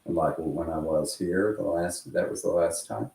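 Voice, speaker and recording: A man's voice: deep voice, moderate pace, gravelly, warm tone. A man with a West Texas accent telling stories in a casual, rambling way, swearing freely and chuckling as he goes. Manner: profane, chuckling storyteller. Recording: roomy echo.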